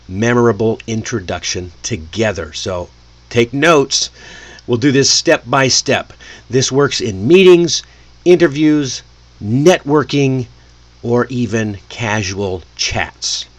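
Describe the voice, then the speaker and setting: A man teaching English in a lively, friendly way, often chuckling to himself. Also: mid-range voice. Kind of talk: casual lesson delivery.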